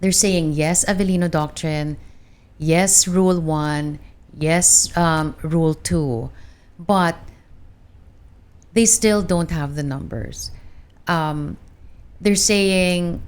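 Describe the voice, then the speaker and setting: A woman from the Philippines hosting a talk show, asking measured questions of her guest. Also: sits low, darkish tone. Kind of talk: interview questions.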